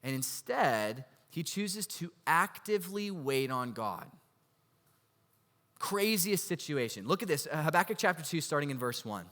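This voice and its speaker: A pastor delivers his sermon in a bright, forceful voice that sits a little high for a man. He tells his stories with animation and fills them with rhetorical questions. A long hall reverb hangs behind his words. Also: very animated, a little slow.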